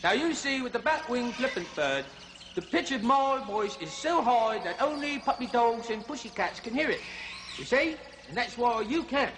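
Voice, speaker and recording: An actor playing a fussy middle-aged jungle zoo host who exclaims a lot and talks in a chatty, overly polite comic manner. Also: male voice, very high-pitched, expressive, normal speed, fairly bright tone, a little hiss or hum. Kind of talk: comic kids' TV hosting.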